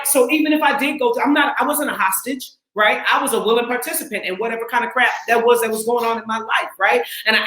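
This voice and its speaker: Animated, echoey forties woman. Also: on the high side. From Twin Cities, Minnesota. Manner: animated and emphatic, laughing, rising into shouts. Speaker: actress and acting coach. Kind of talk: casual heartfelt talk.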